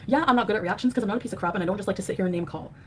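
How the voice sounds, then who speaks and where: A woman's voice: mid-range voice, very fast, darkish tone, a little hiss or hum. A woman streamer in a heated livestream rant, angry and scornful, trading insults. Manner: angry, name-calling, scornful.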